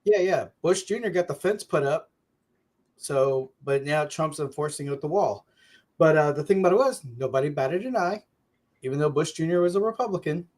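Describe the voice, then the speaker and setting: A man's voice: on the high side, brisk, a little mellow. A man co-hosting a casual talk show, pushing his political view with insistent repetition and frequent restarts. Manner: insistent, repeats his points, stumbles over restarts.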